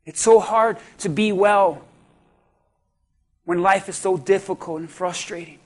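A man preaching a sermon as a pastor, building with repeated phrases and rising to shouts. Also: high-pitched, unhurried. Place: church.

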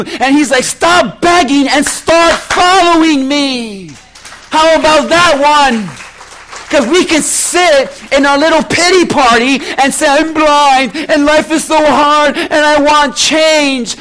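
A man preaching a sermon as pastor, slow and emphatic, asking the congregation rhetorical questions. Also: extremely high pitch, a bit bright.

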